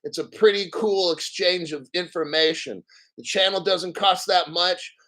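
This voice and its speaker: A man's voice: high-pitched, unhurried, fairly bright tone, poor audio. A man hosting a crypto livestream, ranting bluntly and with profanity while reading viewer comments aloud. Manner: mocks others in exaggerated put-on voices. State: a little out of breath. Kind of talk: casual livestream rant.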